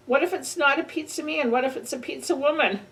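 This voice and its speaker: A woman's voice: sits high, quick pace, a bit bright. A woman librarian reading a picture book aloud to children in a playful way, with animal sound effects. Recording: distant mic with faint ambient noise.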